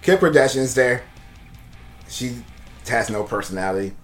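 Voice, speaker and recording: A man's voice: medium pitch, animated, unhurried, fairly bright tone, soft background music. A man casually recapping a movie on a podcast, rambling, laughing often and swearing freely. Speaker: podcast co-host reviewing a movie. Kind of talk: casual chat.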